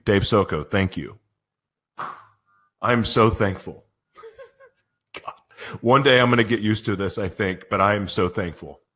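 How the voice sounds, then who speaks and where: A man's voice: fairly low pitch, fairly bright tone. A man hosting a live radio show, giddy and emotional, stumbling over his intros with laughs. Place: broadcast studio.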